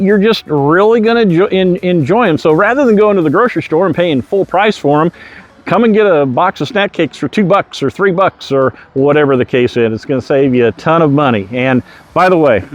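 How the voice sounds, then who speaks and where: An older man, a real estate agent, narrating a casual video tour in a folksy, chatty way outside a bakery. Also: on the high side. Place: outdoors in front of a bakery.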